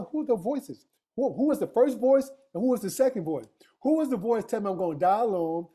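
A man's voice: high-pitched, warm tone. A man telling a personal story in casual conversation, emphatic and street-casual, full of rhetorical questions to his listener. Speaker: guest.

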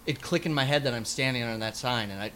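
A man's voice: medium pitch, fast talker, pushed and bright, a little hiss or hum. A young man telling a rambling anecdote in a casual chat, laughing often and restarting lines.

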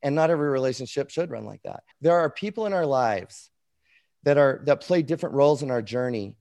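A man who works as an executive coach, telling animated, self-mocking stories while chatting on a group video call. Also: medium pitch, fairly quick, creaky. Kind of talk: casual chat on a group call.

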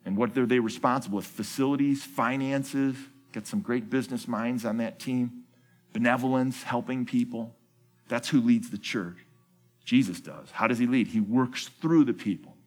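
A man's voice: medium pitch, normal speed, darkish tone, faint music behind. Man preaching with question-and-answer emphasis. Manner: asks the congregation questions and answers them himself; repeats key phrases for emphasis. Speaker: founding pastor. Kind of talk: sermon.

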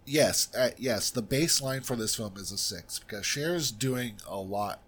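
A man's voice: mid-range voice, expressive, a little slow, fairly bright tone, slightly rough. A man co-hosting a film podcast, chatting casually and giving blunt, opinionated takes on a movie. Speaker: podcast co-host reviewing films. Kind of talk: casual chat.

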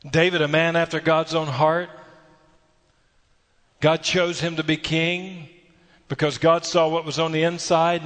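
A man's voice: a little high, in a large hall. A man preaching a sermon, exhorting earnestly with repeated phrases and rhetorical questions. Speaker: pastor.

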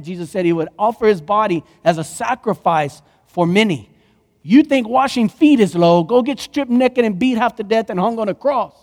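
Impassioned high-voiced male preacher. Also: normal speed, long reverb tail. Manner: impassioned preaching, swings from hushed to loud. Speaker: pastor. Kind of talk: sermon.

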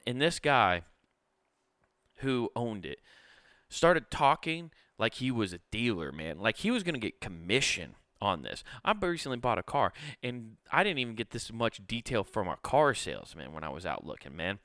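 A man's voice: fairly low pitch, very animated, normal speed, fairly bright tone, no echo, studio quality. Laid-back, cussing man telling a story. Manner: laid-back, profane, rambling with many restarts. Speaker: podcast host. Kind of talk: casual storytelling monologue.

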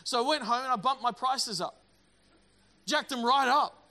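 A middle-aged man preaching a sermon, energetic and emphatic, often repeating words. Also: extremely high pitch, moderate pace. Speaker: pastor.

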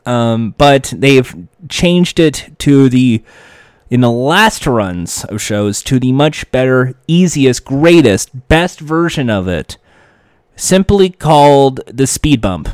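A man giving casual, animated commentary, acting out quoted lines as he goes. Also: medium pitch, slow, clean tone, no echo, studio quality. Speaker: reality TV commentator.

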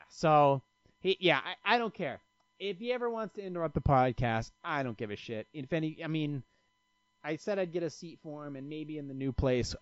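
A man's voice: mid-range voice, smooth, dry recording. A man hosting a casual solo podcast, telling rambling stories full of profanity and restarts. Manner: rambling, profane, self-interrupting storyteller. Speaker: podcast host. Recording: dry, slightly dull lo-fi sound.

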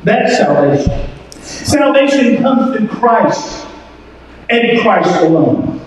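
A male pastor preaching a sermon to his congregation, with emphatic, drawn-out phrases and frequent calls for them to listen. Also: high voice, sing-song, slight background noise. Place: large church hall. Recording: echoey hall from far off.

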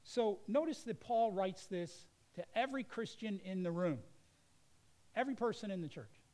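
A man's voice: high-pitched, lively intonation, moderate pace, darkish tone, rough recording. A middle-aged male pastor preaching a sermon in an earnest, conversational way.

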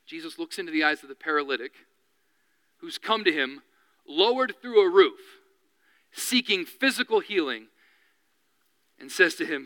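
A man preaching a sermon as pastor, animated, often dropping to a hushed, slow voice. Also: a little high, dry recording, poor audio.

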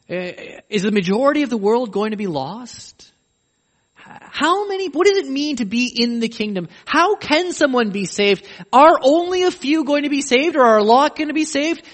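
Male preacher, high and emphatic, sermon delivery, long hall reverb. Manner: emphatic, pleading questions to the listener.

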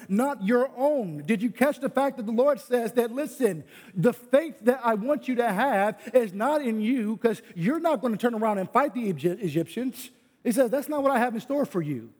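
Male pastor preaching loud, high voice, keeps saying listen listen, big echoey hall. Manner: preaching with loud yelling bursts, repeats "listen". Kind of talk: sermon.

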